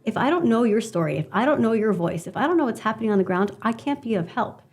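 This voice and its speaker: A woman guest on an interview show, talking earnestly and animatedly, with quick asides. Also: a little high, animated, a little mellow. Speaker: guest, media strategist. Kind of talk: conversational interview storytelling.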